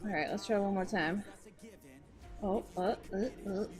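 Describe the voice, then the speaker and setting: A woman's voice: medium pitch, measured pace, over music. A woman streamer in a casual live chat, playful and teasing, greeting viewers by name and making silly noises. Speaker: VTuber streamer.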